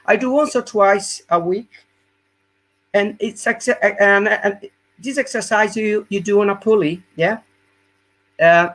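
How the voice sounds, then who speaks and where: A man teaching core exercises in a live webinar as a fitness coach, explaining step by step in non-native English and often checking in with "yeah?". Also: high voice.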